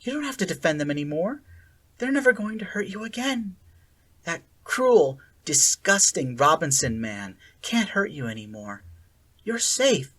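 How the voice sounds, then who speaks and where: A narrator voicing a falsely sweet American woman who holds a kidnapped girl, talking gently in a cheerful sing-song. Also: medium pitch, big pitch swings, measured pace, breathy edge, voice pushed up, full character voice. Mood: sing-song soothing.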